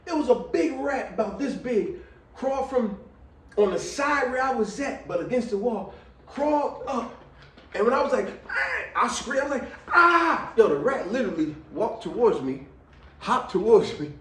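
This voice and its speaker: A middle-aged man telling a personal story to viewers, lively and full of slang, swinging between loud exclamations and quiet asides and laughing often. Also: extremely high pitch. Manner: casual American slang, addresses viewers as y'all. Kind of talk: animated storytelling monologue. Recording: roomy, a little distant from the mic.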